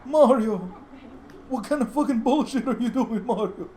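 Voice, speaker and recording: A man putting on a shrill, squeaky voice for the excitable plumber brother from a cartoon game, yelling and swearing. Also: moderate pace, slight background noise. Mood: shrill outrage.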